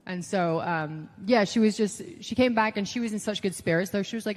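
A woman's voice: medium pitch, quick pace, hardly any pauses. Chatty woman telling stories, roomy reverb. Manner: chatty, lots of "like", animated quoting of others. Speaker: guest. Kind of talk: casual interview storytelling.

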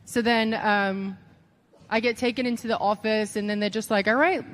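Lively young English woman telling stories. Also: medium pitch, normal speed, in a large hall. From England. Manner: animated, laughing, swearing, lots of fillers. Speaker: guest. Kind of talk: casual storytelling interview.

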